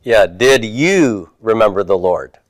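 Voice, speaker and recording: A man's voice: lowish voice, animated, takes it slowly, no room sound. Guy going over hebrew homework with his class, patient, asks then answers, dry sound. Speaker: Hebrew teacher.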